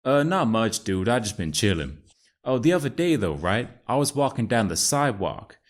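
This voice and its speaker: A man's voice: medium pitch, moderate pace, close to an everyday voice. Chad, a man putting on an American bro. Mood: excited. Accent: put-on American. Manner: slangy, excitable, calls everyone dude and bro. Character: laid-back young American bro named Chad.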